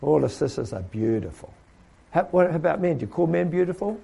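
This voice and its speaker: A man's voice: fairly high pitch, animated, brisk, creaky, dark tone, a little hiss or hum. A man preaching a sermon to trainees, asking rhetorical questions and now and then mimicking the voices of other people.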